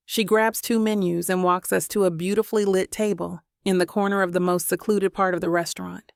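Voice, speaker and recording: A woman narrating a first-person romance audiobook in a gentle, intimate way on a close mic. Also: lowish voice, flat delivery, a little fast, gravelly, few pauses, clean tone, no room sound.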